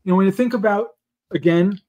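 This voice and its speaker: A man hosting a business podcast, talking in an animated way and poking fun at stiff survey wording. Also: sits high, a little fast, dull audio. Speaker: podcast host.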